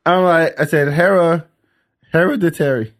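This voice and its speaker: A man's voice: fairly high pitch, normal speed. A man hosting a casual podcast, stumbling over words and laughing at himself a lot. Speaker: podcast host. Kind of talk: casual joking chat.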